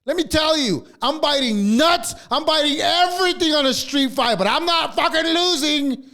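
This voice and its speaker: A man's voice: very high voice, animated, moderate pace, sharp tone. A man co-hosting a podcast, ranting heatedly with constant swearing. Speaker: podcast co-host. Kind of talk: casual podcast rant.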